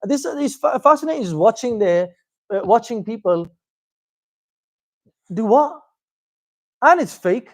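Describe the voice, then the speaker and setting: A man giving an informal religious lecture as a teacher, animated and conversational, with frequent fillers and wry asides. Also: very high-pitched, a little slow, pauses often, no room sound. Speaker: Islamic teacher giving a talk.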